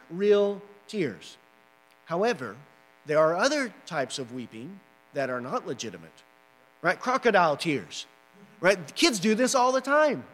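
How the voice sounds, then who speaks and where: A man's voice: high voice, a bit bright, in a large hall. A man preaching a sermon as pastor, emphatic and repetitive, often checking in with the listeners. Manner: emphatic preaching with repeated "right?" asides.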